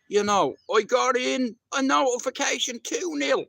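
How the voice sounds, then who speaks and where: Slow-talking Irish man chatting on a livestream. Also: extremely high pitch, gravelly, sharp tone, no room sound. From Ireland. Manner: swears freely, rambling storyteller. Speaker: livestream host. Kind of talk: casual chat to live viewers.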